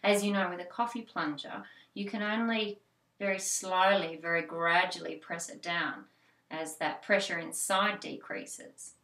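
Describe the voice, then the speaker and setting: A woman's voice: lowish voice, a little slow, pushed and bright, roomy sound. A woman with an Australian accent, a childbirth educator giving an informal talk with many fillers and restarts. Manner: conversational, with frequent fillers and restarts.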